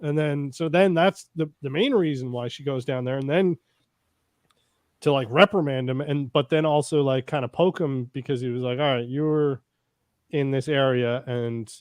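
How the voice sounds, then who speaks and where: A man's voice: mid-range voice, dry recording, studio quality. A man co-hosting a casual review podcast, rambling and swearing freely as he acts out lines from the episode. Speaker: podcast co-host.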